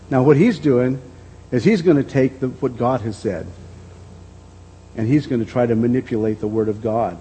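A man's voice: mid-range voice, normal speed, pauses often, dark tone, breathy edge, rough recording. A man preaching a sermon. He reads scripture aloud, explains it unhurriedly, and often repeats words as he goes. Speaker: pastor.

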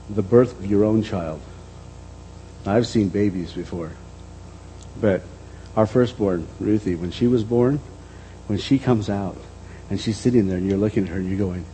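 Soft-spoken reflective male pastor preaching. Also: fairly low pitch, slight background noise, rough recording. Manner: reflective, speaks softly then lifts his voice. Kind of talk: sermon.

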